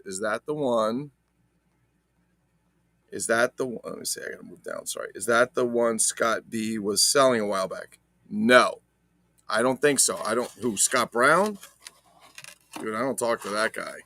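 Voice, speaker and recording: Handling toys on camera, a male host jokes with his viewers and drops mock-dramatic asides in this casual unboxing vlog. He sounds on the low side, bright and forceful, with no echo.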